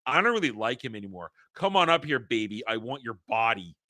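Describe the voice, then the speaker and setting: A man mimicking a smug, lustful man with a low, sleazy drawl. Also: big pitch swings, brisk, sharp tone, dry recording, clean studio sound.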